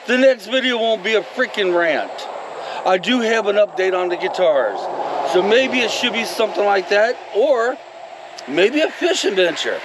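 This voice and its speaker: A man's voice: high-pitched, expressive, moderate pace, noisy background. A man ranting to his vlog audience, indignant and exasperated. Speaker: vlogger.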